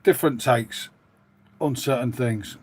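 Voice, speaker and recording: A middle-aged Englishman hosts a live stream, his mid-range voice slightly rough and measured in pace. He chats and rambles in a matey way, reading out comments from viewers.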